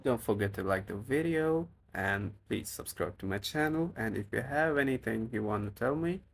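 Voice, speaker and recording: Gravelly, lively self-mocking male vlogger. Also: mid-range voice, normal speed. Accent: non-native English. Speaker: cooking vlogger. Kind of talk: casual vlog voice-over.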